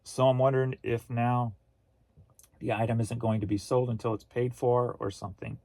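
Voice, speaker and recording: A middle-aged man from Missouri talks to his viewers in an easygoing, rambling way, stopping to read their comments aloud. His voice sounds mellow and dark. The sound is dry and close, with hardly any room around it. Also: mid-range voice, flat delivery, normal speed, no room sound. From Missouri, USA. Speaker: host. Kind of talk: casual livestream chat.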